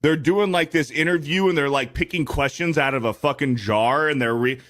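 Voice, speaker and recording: A man co-hosting a casual podcast, ranting with lots of swearing and shouting when angry. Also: fairly high pitch, normal speed. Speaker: podcast co-host.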